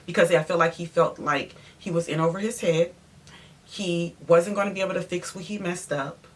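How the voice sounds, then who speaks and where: A woman interior designer telling a story in an animated, emphatic way, speaking straight to her viewers. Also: on the low side, normal speed. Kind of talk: storytime vlog.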